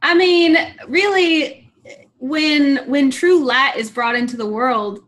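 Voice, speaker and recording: A woman's voice: sits high, slow, fairly bright tone. A woman playing in a tabletop game, chatty and hesitant, full of fillers. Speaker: player. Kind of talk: casual in-character play.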